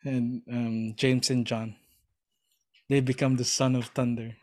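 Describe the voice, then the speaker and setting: Slow, earnest man chatting. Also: mid-range voice, flat delivery, darkish tone. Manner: earnest, enthusiastic storytelling; hesitant, searching for words. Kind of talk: casual chat.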